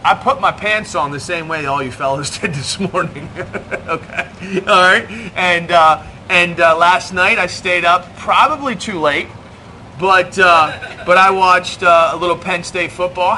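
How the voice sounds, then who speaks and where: A man's voice: high voice, normal speed, bright, forceful tone, slight background noise. A middle-aged man preaching in a church, joking and self-deprecating as he talks to the congregation. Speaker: pastor. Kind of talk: sermon. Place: church hall.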